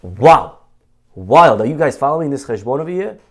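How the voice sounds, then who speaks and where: A rabbi gives a casual, conversational Torah class, full of rhetorical questions. His voice sits at an ordinary middle pitch for a man. He often quotes Hebrew sources mid-sentence. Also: big pitch swings, moderate pace. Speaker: rabbi teaching.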